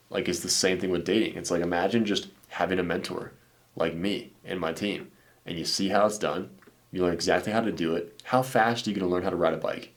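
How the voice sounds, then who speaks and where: A man with a very low voice gives blunt, laid-back dating advice in casual commentary. He talks like he's chatting with a buddy, dropping "dude" and "man" and the odd curse word. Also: steady tone, fairly quick. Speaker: dating coach. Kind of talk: casual commentary reacting to viewer messages.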